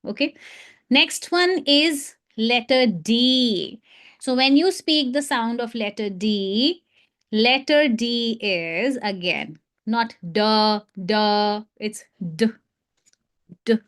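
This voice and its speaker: With an Indian English accent and a fairly high, animated voice, a woman teaches phonics sounds in a live online lesson. She speaks slowly with a fairly bright tone, demonstrating each letter sound through short repeated drills.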